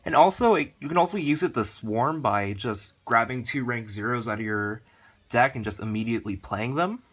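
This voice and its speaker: A man hosting a card game channel, talking through his deck in a rushed, rambling way, full of fillers. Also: medium pitch, fairly bright tone. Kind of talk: casual deck walkthrough.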